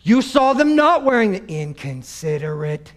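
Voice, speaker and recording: A man's voice: high voice, measured pace. A man preaching a story-driven sermon, acting out the voices of the people in his anecdotes. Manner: animated, acts out quoted voices.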